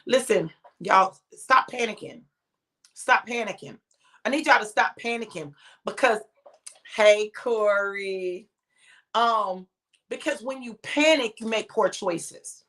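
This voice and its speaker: A woman's voice: mid-range voice, takes it slowly, a bit bright. A woman in her fifties hosting a casual morning livestream for her viewers. She is chatty, playful and encouraging, and she laughs often. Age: 50s.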